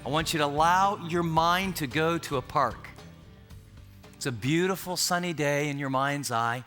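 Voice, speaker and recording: A male preacher with a bright, forceful voice, pitched a little high. He tells a sermon story vividly, setting the scene for his listeners. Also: moderate pace, soft background music. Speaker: pastor.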